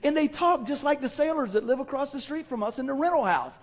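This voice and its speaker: A man's voice: very high-pitched, fast talker. A male pastor preaching to a congregation, telling a comic story he acts out and questioning the crowd, then reading scripture. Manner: animated storyteller, acts out scenes and asks the congregation. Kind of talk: sermon with a comic personal story. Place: church hall before a congregation.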